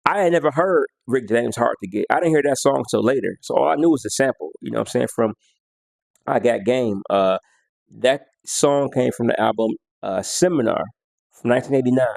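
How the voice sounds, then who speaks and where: A man's voice: mid-range voice, fairly quick, gravelly, a little mellow, dry recording. A man counting down his favorite songs in a casual, slangy way, half-singing lyrics and beats as he goes. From United States. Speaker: music vlogger.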